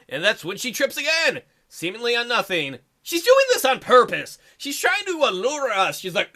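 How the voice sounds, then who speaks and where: High gravelly joking game narrator. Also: male voice, sing-song, normal speed, few pauses, pushed and bright, soft background music. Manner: joking and crude asides. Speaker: let's play host. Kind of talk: jokey visual novel playthrough narration.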